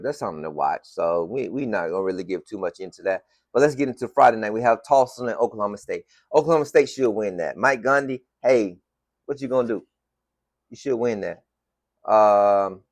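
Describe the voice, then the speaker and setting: A man's voice: lowish voice, no echo. A man in his forties from Florida with a Southern US accent, hosting a casual sports podcast monologue with emphatic, repetitive delivery. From Florida, USA. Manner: animated, emphatic, repeats phrases for effect. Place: home room with team decorations.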